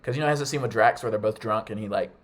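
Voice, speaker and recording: A man's voice: on the low side, very fast. A young man hosting a casual podcast chat, eager and enthusiastic, calling on each guest in turn. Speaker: podcast host.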